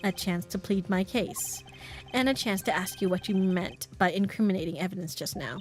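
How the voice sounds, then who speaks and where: A woman voicing a composed, formal male prosecutor in a measured, polite, firm way, reading game dialogue aloud. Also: mid-range voice, soft background music, natural voice.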